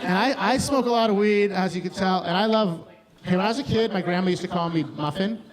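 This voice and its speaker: A man's voice: sits high, brisk. A man performing a live stand-up set in a bar, rambling and crude, often cutting himself off mid-sentence. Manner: rambling, crude, self-interrupting. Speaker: stand-up comedian. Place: bar stage before a crowd. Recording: live bar with crowd noise. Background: audience laughter.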